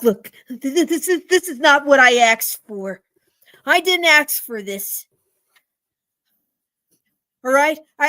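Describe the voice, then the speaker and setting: A woman's voice: high voice, bright, forceful tone, no room sound. A woman voicing an angry, frustrated middle-aged male customer who rants and stammers in indignation. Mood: indignant. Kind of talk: storytelling role-play.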